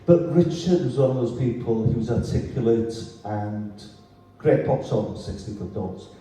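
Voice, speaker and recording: Lively storytelling man in an echoey hall. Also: medium pitch, moderate pace, far from the mic, a little hiss or hum. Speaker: festival speaker. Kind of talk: storytelling at a literary event.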